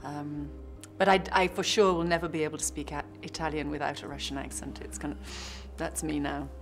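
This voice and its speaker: A woman's voice: low voice, level tone, fairly quick, vocal fry, soft background music. A woman actress answering interview questions in a reflective way, often restarting her sentences and adding playful asides.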